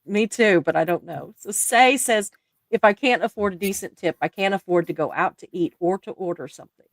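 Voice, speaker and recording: A woman's voice: medium pitch, brisk, no echo, studio quality. A woman with an accent hosting a live stream, reading viewer comments aloud and laughing often. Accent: non-native English accent.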